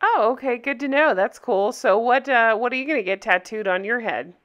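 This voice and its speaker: Woman host, reaction commentary, bright voice, a touch high, incredulous and wry. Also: fairly quick, lo-fi sound. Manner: sarcastic, incredulous. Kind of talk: casual commentary.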